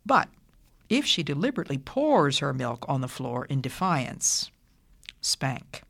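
Firm radio Bible teacher, slow and deliberate, teaching from a script, now and then hushed to a whisper. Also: medium pitch, sing-song, creaky. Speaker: radio Bible teacher giving parenting advice.

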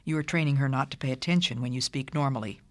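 A radio Bible teacher giving parenting advice in a firm, measured, deliberate way, sometimes dropping to a whisper. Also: mid-range voice. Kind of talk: scripted radio talk, teaching.

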